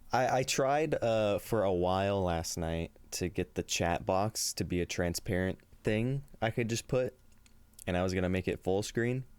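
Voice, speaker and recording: A man's voice: deep voice, measured pace, darkish tone, smooth, dry recording. A man streaming live and chatting casually with his viewers in an upbeat way, laughing often. He sounds tired and a little shaky. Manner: upbeat, laughs often, reads chat aloud. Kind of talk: casual livestream chat.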